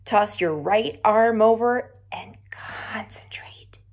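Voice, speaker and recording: A woman's voice: fairly high pitch, slow pace. Woman voicing a blunt tough-love neighbor lady. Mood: firm. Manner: blunt and firm.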